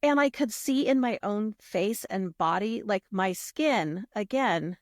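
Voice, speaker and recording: A woman guest on a podcast, telling stories in a lively, casual way, acting out what people said and swearing freely. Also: medium pitch, slow, dry recording, studio quality. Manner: animated, acts out quoted voices, swears freely. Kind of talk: casual storytelling.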